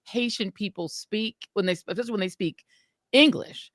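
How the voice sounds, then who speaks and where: A woman co-hosting a podcast, chatting casually and telling stories in an animated, emphatic way. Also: mid-range voice, a little fast, dry recording, clean studio sound. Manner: animated, emphatic storytelling with laughs. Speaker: podcast co-host. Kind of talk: casual chat.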